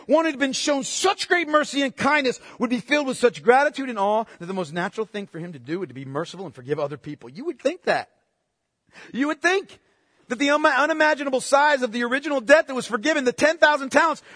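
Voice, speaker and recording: A man preaching a sermon with passion, firing rhetorical questions and swinging between loud outbursts and hushed asides. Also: very high voice, no room sound, studio quality, long reverb tail. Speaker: pastor.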